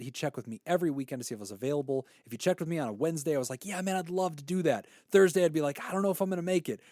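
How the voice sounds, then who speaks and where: A man's voice: medium pitch, dry recording, studio quality. A man in his thirties, a podcast co-host, telling a personal story in casual chat and acting out the voices he quotes. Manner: animated storyteller, acts out quoted voices, laughs easily.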